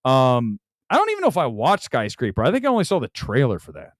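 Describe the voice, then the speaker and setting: A man's voice: medium pitch, huge pitch swings, quick pace, dry recording, studio quality. A man hosting a casual movie talk livestream, rambling animatedly and laughing often. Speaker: host.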